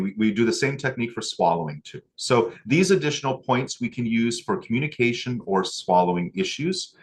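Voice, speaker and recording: A man teaching acupuncture, telling a moving story from his training and getting choked up before returning to needling technique. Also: on the low side. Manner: emotional, choked up at times; pauses with fillers and restarts. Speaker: acupuncture instructor. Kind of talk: teaching a class with a personal story.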